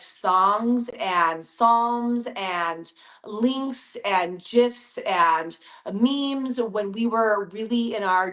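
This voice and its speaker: A woman's voice: mid-range voice, a bit bright. A woman, hosting a casual motivational talk from her home basement in an upbeat, chatty way. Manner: upbeat, chatty, addresses listeners as you guys. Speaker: podcast host.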